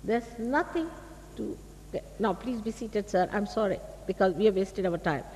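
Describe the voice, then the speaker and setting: A spiritual teacher with an Indian accent delivers an emphatic public talk, scolding her audience and posing rhetorical questions in a mid-range, darkish voice at normal speed. It's an old archive tape from a large, echoey hall, with faint hiss.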